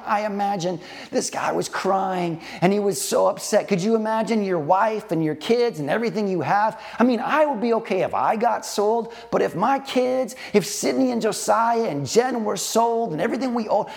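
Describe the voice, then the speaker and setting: A man's voice: high voice, moderate pace, creaky. A man preaching a sermon, retelling a parable with casual asides to the congregation. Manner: conversational, animated storytelling, rhetorical asides. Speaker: pastor.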